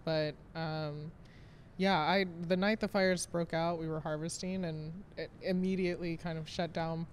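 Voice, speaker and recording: A woman's voice: low-pitched, fairly even intonation, normal speed, slight background noise. A woman in her late twenties, a vineyard manager, talking casually in an interview, chatty and self-deprecating, laughing often between many fillers. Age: 20s.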